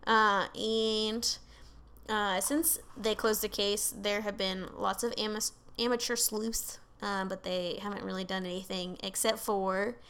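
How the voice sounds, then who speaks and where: Over a remote call with slight background noise, a woman co-hosting a podcast relates a case in loose, rambling chat, packed with fillers and asides and sprinkled with swearing. Her mid-range voice has little pitch movement, a fairly bright tone, and a slightly slow pace.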